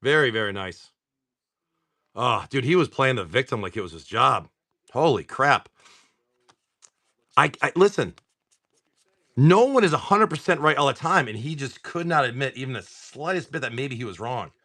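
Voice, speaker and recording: A man's voice: mid-range voice, expressive, normal speed, long pauses, sharp tone. A man hosting a casual livestream, opening card packs, often swearing and exclaiming over the pulls.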